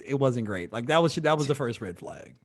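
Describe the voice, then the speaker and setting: A man's voice: medium pitch, lively intonation, brisk. A man co-hosting a podcast and telling joking stories in casual chat. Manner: joking storyteller.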